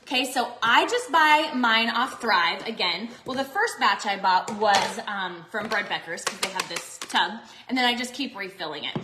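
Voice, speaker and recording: Woman, bubbly and chatty, bright lively voice, echoey kitchen. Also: mid-range voice, moderate pace, a little hiss or hum. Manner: bubbly, chatty, talks to viewers. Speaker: cooking vlogger. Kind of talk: chatty cooking live stream. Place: home kitchen.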